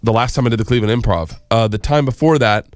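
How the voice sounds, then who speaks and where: A male comedian telling rambling stories as a guest in a radio studio, laughing often and jumping up in pitch when quoting people. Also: quick pace, no echo. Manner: rambling, laughing, jumps high for quoted voices. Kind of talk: casual radio interview storytelling.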